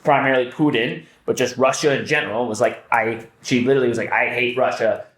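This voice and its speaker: A man co-hosting a podcast, telling stories in casual chat, animated, swearing, often restarting his sentences. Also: mid-range voice, fast. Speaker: podcast co-host. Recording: roomy echo.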